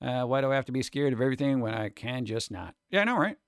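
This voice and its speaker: A man chats casually on a live stream, reading chat messages aloud while rambling and joking with a sarcastic edge. His medium-pitched voice is sing-song and fast, with a clean tone and clean studio sound free of echo.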